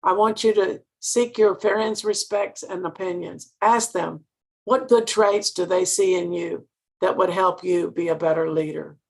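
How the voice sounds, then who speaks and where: An older woman gives an earnest motivational talk and keeps putting questions straight to her listeners. Her voice is gravelly and a little husky, with a preacherly cadence. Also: fairly low pitch, measured pace. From Mississippi, US. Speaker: sales director giving a training talk.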